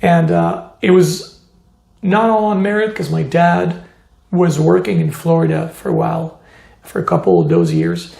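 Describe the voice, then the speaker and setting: A man from Montreal, a tattoo artist telling stories in an interview, animated and full of "you know" fillers. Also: on the high side, normal speed, gravelly, reverberant. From Montreal, Canada. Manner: animated, acts out quoted voices, many "you know" fillers. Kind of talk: storytelling interview.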